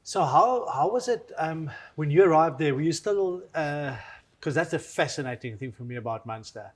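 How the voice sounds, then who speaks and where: A man co-hosting a relaxed sports chat, eager and quick to jump in. He stumbles over his opening words, repeating them before he finds his line, and his voice sits a little higher than most men's. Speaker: co-host, former rugby player. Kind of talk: casual chat.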